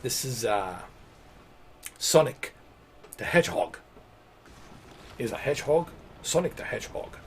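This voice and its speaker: A man's voice: medium pitch, animated, measured pace, pauses often, slight background noise. A middle-aged man streaming games, chatting casually and rambling, with lots of "dude" and "man". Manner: rambling, laid-back, says dude and man a lot. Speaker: gaming streamer. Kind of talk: casual game-stream chat.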